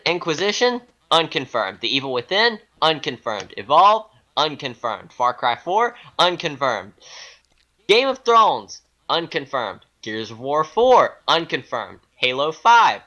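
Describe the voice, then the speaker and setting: A bright, lively man runs down a list on a casual gaming show. His pitch swings up on each title and drops for the verdict. He talks slowly and laughs easily at himself. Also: lo-fi sound. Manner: reads items in a rising-then-falling singsong, laughs often; giggly, self-mocking. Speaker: podcast co-host. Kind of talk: casual chat reading a list.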